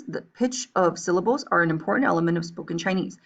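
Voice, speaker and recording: The woman's voice is fairly low, fast and fairly bright, though the recording cuts off the highs. Raised between Taiwan and the US and speaking with a New Jersey accent, she reads from a textbook in a recorded language lesson, punctuating explanations with "right?" and "okay?"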